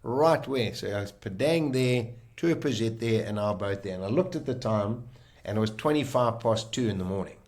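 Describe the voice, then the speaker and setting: A man, a guest on a podcast, telling a personal story in a vivid, animated way and acting out the lines people said. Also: fairly low pitch, moderate pace.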